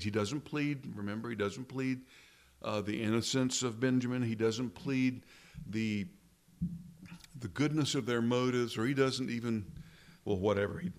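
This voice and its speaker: A pastor giving a conversational sermon, asking his listeners rhetorical questions and slowing down to stress key words. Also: fairly low pitch.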